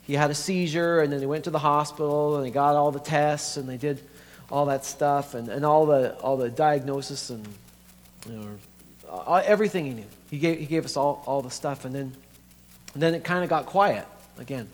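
Earnest pastor man in an echoey hall. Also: fairly high pitch. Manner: conversational, halting, earnest. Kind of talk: sermon storytelling. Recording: echoey hall, faint hum.

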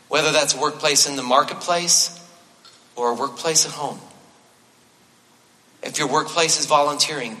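A male pastor delivers a sermon in a conversational style, slipping in light self-deprecating humor and repeating his main points for emphasis. His voice sits a little high and sounds bright and forceful. It rings out with the long reverb of a large church hall. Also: moderate pace, pauses often. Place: church sanctuary.

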